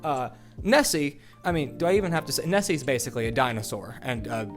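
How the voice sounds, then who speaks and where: A man's voice: medium pitch, quick pace, faint music behind. A man hosting his own video channel, giving a casual, playful explainer full of jokey asides. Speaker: YouTube host. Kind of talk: casual explainer with a felt board.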